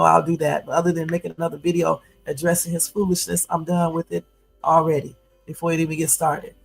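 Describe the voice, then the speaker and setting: A woman in her fifties hosts a casual YouTube livestream from home, chatty and full of fillers, before turning blunt and confrontational. Her low voice is creaky, a little mellow, and slightly rough, and the recording quality is rough.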